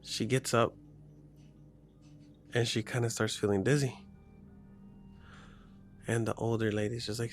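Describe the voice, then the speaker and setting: A man's voice: mid-range voice, level tone, measured pace, long pauses, soft background music. A man casually retelling a horror story, rambling with lots of "like" fillers and restarts.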